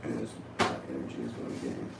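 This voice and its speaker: A young man on a casual livestream, telling a family story in an animated, rambling way with plenty of swearing. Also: fast talker. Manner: animated, rambling, profane, often laughs. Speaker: livestream host. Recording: roomy sound, distant from mic, faint background noise.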